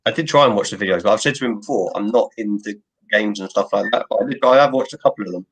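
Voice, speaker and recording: Bloke on a call, talks fast and rambly, kinda lost but goes with it. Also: male voice, on the low side, husky. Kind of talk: casual banter on a video call.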